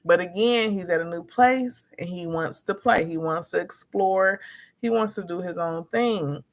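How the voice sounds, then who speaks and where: A woman chatting casually as a vlogger, frank and animated, acting out quotes as she tells her story. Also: fairly low pitch, measured pace. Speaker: notary and vlogger.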